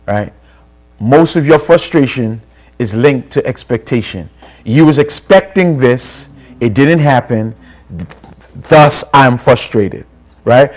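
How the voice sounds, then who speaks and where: A man leading a church Bible study in an informal, conversational way, often restarting sentences and checking in with the group. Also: fairly high pitch. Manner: conversational, repeats words and restarts, asks the room for agreement. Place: church hall.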